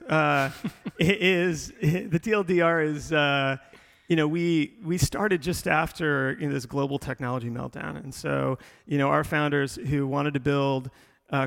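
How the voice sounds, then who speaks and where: Gravelly middle-aged man, rambling. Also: on the high side, fairly even intonation, moderate pace, a bit bright, long reverb tail. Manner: rambling, many fillers and restarts, storytelling. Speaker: tech company executive guest.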